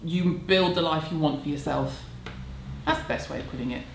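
A woman's voice: low-pitched, normal speed, vocal fry. A woman, answering viewer questions at home in a candid, chatty, self-deprecating way. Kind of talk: casual chat. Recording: echoey room, faint background hum.

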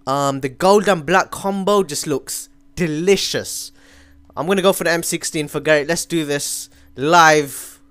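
A young man giving live commentary over his own gameplay, excitable, switching between mumbled asides and sudden yells. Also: on the high side, measured pace, no echo. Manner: excitable, swings from mumbling to yelling. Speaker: gaming commentator. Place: home room.

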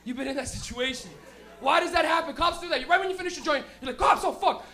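A stand-up comedian doing a live set, rowdy and profane, breaking into loud shouted impressions. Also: sits high, quick pace.

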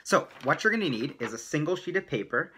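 A man coaching children through a playful drawing lesson at his art desk, animated, with gasps and little sound effects. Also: fairly high pitch, quick pace, a little hiss or hum. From Canada.

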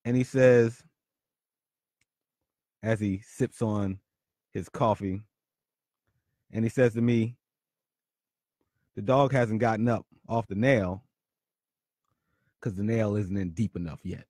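A man hosting his own podcast, telling a story in a punchy, animated way and often repeating words. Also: fairly low pitch, slow pace, pauses often, no room sound, studio quality. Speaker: podcast host. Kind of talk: storytelling monologue.

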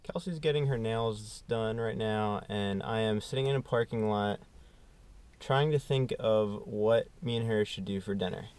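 A man's voice: on the low side, a little slow, a little mellow, slight background noise. A young man with a North Jersey accent, talking casually in a vlog in a laid-back, mock-serious way. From New Jersey, USA. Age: young adult. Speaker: vlogger.

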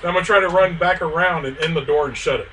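A man's voice: fairly high pitch, fast. A man playing a tabletop game, chatting eagerly about his moves and rolls. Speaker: player. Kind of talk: casual tabletop game play. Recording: background noise.

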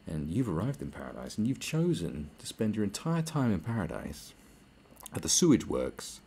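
British male podcast host with a low, dark, gravelly voice, ranting sarcastically and swearing. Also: wildly swooping pitch, normal speed. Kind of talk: podcast monologue.

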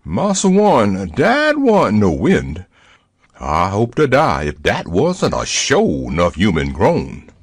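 Man voicing a scared superstitious servant, husky, slow drawl, wildly swooping pitch. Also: wildly swooping pitch, no echo, studio quality, heavily acted. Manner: drawling rural dialect, pleading. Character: jittery frightened male servant, superstitious. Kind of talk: audio drama acting.

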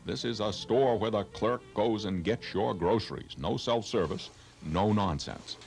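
A man's voice: lowish voice, measured pace, creaky, darkish tone, soft background music. A man with a New England accent hosting a travel show on location, talking with enthusiasm and lots of exclamations. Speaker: host. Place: outdoors on location.

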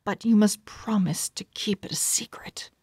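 A woman's voice: mid-range voice, normal speed, a little mellow, breathy edge, no room sound, whispered, clean studio sound, natural voice. A woman reading as an earnest lovestruck young man. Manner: earnest, pleading.

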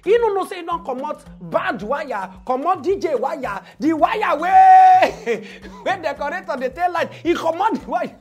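Animated Nigerian woman storyteller. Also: very high voice, measured pace, few pauses. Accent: Nigerian Pidgin. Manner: animated, swings from hushed asides to loud exclaims. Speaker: podcast host.

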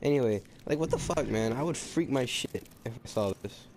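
Excitable swearing man gaming. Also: mid-range voice, moderate pace, background noise. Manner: excitable, swearing, rambling asides. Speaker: gamer. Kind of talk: let's-play commentary. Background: game music.

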